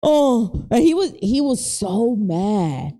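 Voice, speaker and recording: A middle-aged woman with a New York accent tells stories with lively energy, tossing in Spanish exclamations. Her voice sits a little high for a woman. She talks like a podcast co-host in a loose, casual chat. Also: takes it slowly. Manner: animated storyteller, mixing Spanish exclamations.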